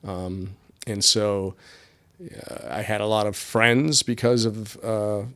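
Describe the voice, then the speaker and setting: A man's voice: on the low side, flat delivery, takes it slowly, fairly bright tone. A middle-aged man from rural Appalachian Pennsylvania, a podcast guest telling stories in a rambling way, full of fillers and restarts. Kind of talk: casual interview storytelling.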